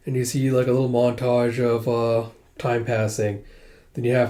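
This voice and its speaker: Mellow-voiced man recapping a manga. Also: mid-range voice, steady tone, quick pace. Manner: prefaces each quote with "it's like". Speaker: manga reviewer. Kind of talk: casual manga recap, reading dialogue aloud.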